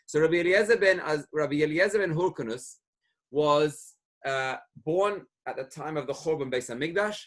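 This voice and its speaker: A man's voice: fairly high pitch, normal speed, fairly bright tone. A middle-aged man, a rabbi, teaching a Torah class, explaining sources and retelling stories, raising his voice when he acts out quoted speakers. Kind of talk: Torah lecture with storytelling.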